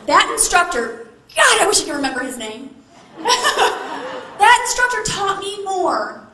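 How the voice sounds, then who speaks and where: A woman delivers a motivational keynote in a high, bright voice. She takes her time and tells her story theatrically, with playful asides to the audience. Her words echo through a large hall over a faint hum of ambience. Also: sing-song, unhurried.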